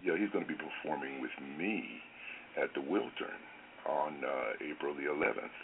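A man, a guest singer, talking in a casual phone interview, halting with many fillers and restarts. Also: rumbling low, lively intonation, gravelly. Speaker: guest singer and tribute performer. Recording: phone line with faint noise.

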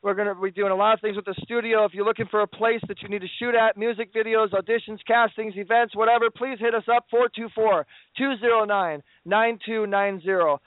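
A man's voice: high-pitched, steady tone, a little fast, hardly any pauses, no echo. A man hosting a radio talk show, wrapping up with effusive, pleading plugs and playful banter. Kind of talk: excited promotional sign-off. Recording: tinny phone-like line, dry.

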